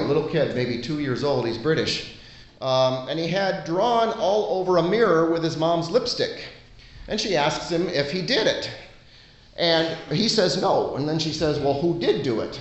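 A man's voice: fairly high pitch, expressive, dull audio. Earnest man preaching in an echoey room. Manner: earnest, conversational preaching with frequent pauses. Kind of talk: sermon.

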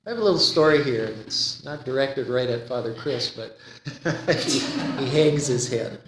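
A man's voice: medium pitch, lively intonation, unhurried, background noise. Man preaching in an echoey church. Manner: folksy joke-telling, repeats words when starting sentences. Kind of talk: sermon.

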